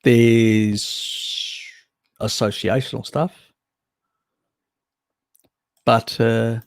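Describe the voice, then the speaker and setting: A man's voice: medium pitch, level tone, very slow, smooth, dry recording, clean studio sound. An Australian man hosting a live stream, chatting casually and rambling, swearing now and then as he answers viewers. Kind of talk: casual chat reading viewer comments.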